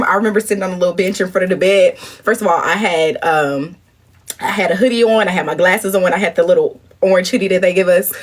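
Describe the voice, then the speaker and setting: A woman in her thirties hosts a casual livestream, her voice slightly husky and breathy. She tells stories with lots of animation, shooting up into high, indignant exclamations. Then she drops into low, murmured asides. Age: 30s. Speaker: livestream host. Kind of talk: casual live-stream chat.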